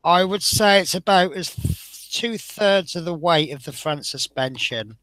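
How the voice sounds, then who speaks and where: A man's voice: fairly high pitch, expressive, measured pace, pushed and bright. A man chatting casually as he builds a scale model, rambling and often breaking off mid-sentence. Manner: chatty, rambling, self-interrupting.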